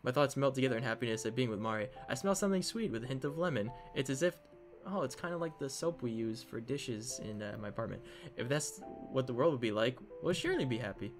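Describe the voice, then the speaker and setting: A man's voice: mid-range voice, fairly quick, over music. A man reading a visual novel aloud in a dramatic way, slipping in joking asides. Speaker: game narrator.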